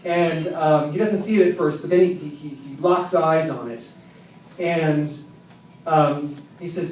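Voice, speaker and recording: A man telling a personal story live at an open mic in a tavern, with a wry, self-mocking, halting delivery. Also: a little high, darkish tone. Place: tavern with an audience. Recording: roomy, distant, faint background noise.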